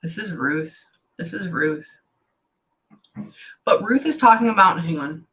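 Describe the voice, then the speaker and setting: A woman with a bright, forceful voice gives a casual reading as a medium. She talks in halting, chatty bursts and keeps stopping herself with hang on. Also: on the low side, animated. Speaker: psychic medium. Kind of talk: casual one-on-one reading session.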